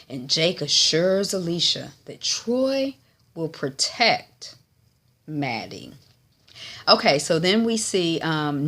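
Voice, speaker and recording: A woman recapping a TV episode for her vlog in a chatty, animated way, with frequent fillers. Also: sits low. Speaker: TV recap vlogger.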